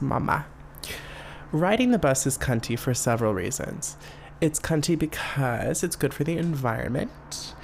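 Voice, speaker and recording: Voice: medium pitch, a little hiss or hum. A podcast host in their late twenties, chatting casually and playfully, camp and full of swearing. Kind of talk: casual solo podcast chat.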